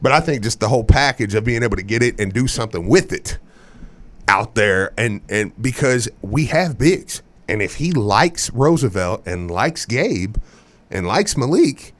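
A man's voice: medium pitch, expressive, normal speed. A man co-hosting a casual sports talk show, rambling and correcting himself as he talks, with frequent laughs. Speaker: co-host, former player.

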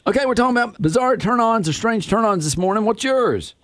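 A man's voice: sits high, fairly quick, dry recording, studio quality. A man hosting a morning radio show, bantering with co-hosts and callers and laughing often. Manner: laughs often, lively and animated.

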